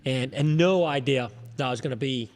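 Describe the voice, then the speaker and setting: A man's voice: mid-range voice, brisk, darkish tone. A middle-aged man from Connecticut, a former racing crew member, telling stories as a guest in a rambling way, often restarting his words. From Connecticut, USA. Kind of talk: casual storytelling interview.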